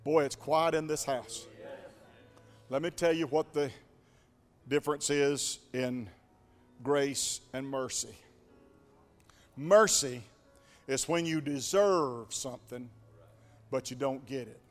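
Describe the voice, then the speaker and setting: A man preaching a sermon as pastor, dramatic, swinging from hushed to shouting. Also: medium pitch, slow pace, pauses often, in a large hall, faint music behind.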